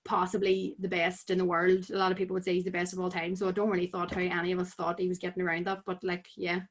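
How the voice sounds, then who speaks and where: A woman's voice: fairly low pitch, completely flat delivery, fast. A young woman with a Northern Irish accent, chatting casually as a podcast guest, full of "like" fillers. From Tyrone, Northern Ireland. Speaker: podcast guest, amateur boxer. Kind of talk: casual chat.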